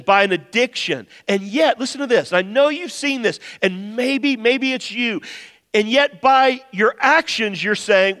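A man's voice: sits high, bright, forceful tone. Impassioned preacher man in reverberant hall. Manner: impassioned preaching with rising emphatic lines. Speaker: pastor. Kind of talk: sermon.

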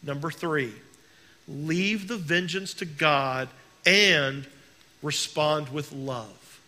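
Bright-voiced male pastor preaching. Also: fairly high pitch. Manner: earnest preaching, slows down on key words. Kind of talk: sermon.

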